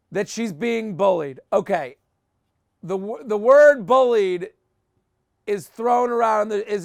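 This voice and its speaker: A young adult man delivering a sarcastic comic recap of a TV episode, breaking into mocking, shouted impressions. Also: sits high, vocal fry, dry recording, clean studio sound.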